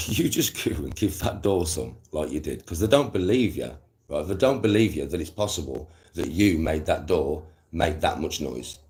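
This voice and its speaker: A young man chatting to his live-stream viewers in a casual, animated way, full of slang and swearing. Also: rumbling low, normal speed. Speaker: livestreamer.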